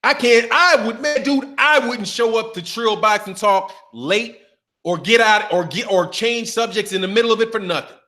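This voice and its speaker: A man's voice: sits high, normal speed, bright, forceful tone. A man hosting a boxing channel, ranting in casual commentary with profanity and mocking impressions.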